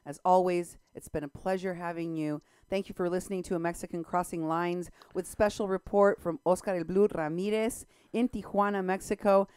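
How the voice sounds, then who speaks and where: A woman's voice: fairly low pitch, fairly even intonation, moderate pace, few pauses, darkish tone, clear, resonant tone, no room sound. A woman co-hosting a talk radio interview in a studio, speaking in an impassioned, emphatic way. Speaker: radio show co-host.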